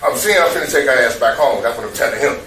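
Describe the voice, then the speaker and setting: A man's voice: medium pitch, expressive, fast talker, sharp tone. A man, retelling events to detectives in a profane, streetwise, repetitive way. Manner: profane, streetwise, repeats himself. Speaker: interviewee recounting events to detectives. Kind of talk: emotional casual retelling. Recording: echoey room from a distance, faint noise.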